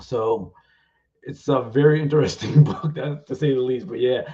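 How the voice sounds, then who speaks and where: A man's voice: mid-range voice, moderate pace, mellow, dull audio. A man, an author, chatting casually on a livestream and rambling with lots of "like" fillers. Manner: rambling, heavy use of "like".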